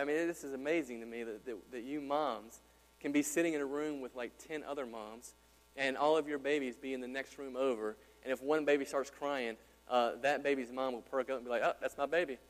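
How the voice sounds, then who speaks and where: A male pastor preaching a sermon in a church, talking conversationally and asking his congregation questions. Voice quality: deep. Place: church sanctuary. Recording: hall reverb with mains hum.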